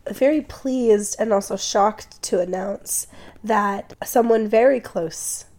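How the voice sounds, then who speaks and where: A woman's voice: mid-range voice, takes it slowly, darkish tone. A young woman hosting a podcast while sick and congested, chatting casually and joking with frequent laughs. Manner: joking, laughs often, rambling asides. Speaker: podcast co-host. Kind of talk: casual comedic chat.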